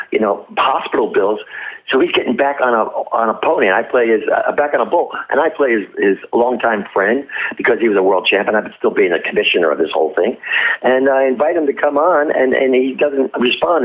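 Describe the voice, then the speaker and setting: Husky-voiced man telling stories, low-pitched. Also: poor audio. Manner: animated, acts out quotes, laughs often. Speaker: actor guest. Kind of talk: casual interview storytelling.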